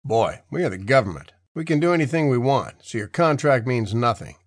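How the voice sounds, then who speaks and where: A man's voice: mid-range voice, expressive, fairly quick, no room sound, studio quality, natural voice. A man voicing an arrogant, hot-headed male federal agent who barks orders in an audiobook. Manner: bossy, yelling.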